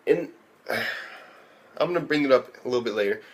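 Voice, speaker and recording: A man's voice: medium pitch, expressive, brisk. A man recapping an anime episode in a casual, profane way, often incredulous and laughing as he retells it. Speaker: anime reviewer.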